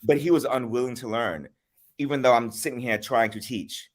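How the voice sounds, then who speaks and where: A man hosting a casual livestream chat, telling stories in an animated way. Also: medium pitch, normal speed. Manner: animated storyteller. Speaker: host.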